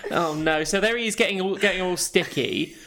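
A man's voice: high-pitched, a little fast, very noisy. A man appearing as a guest on a comedy podcast, who hesitates and searches for his words and laughs a lot. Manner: hesitant, searches for words with lots of ums and likes, laughs often.

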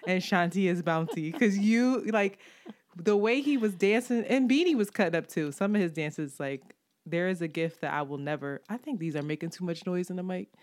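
Woman podcast co-host, animated storyteller who laughs a lot; lower-pitched voice, recorded dry and close. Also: normal speed, no room sound. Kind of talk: casual chat.

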